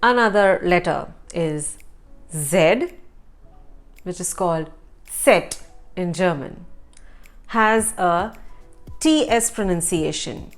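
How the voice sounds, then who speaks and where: Woman, language teacher, slow and deliberate, repeats words, faint background music. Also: fairly low pitch. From India. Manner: slow, repeats each word twice. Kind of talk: German pronunciation lesson.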